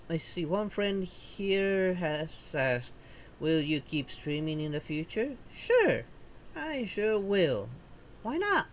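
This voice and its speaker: A woman voicing a perky young foxian livestreamer in a video game, talking in a chirpy, bubbly way with playful squeals, at a slow, unhurried pace. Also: fairly low pitch, slight background noise.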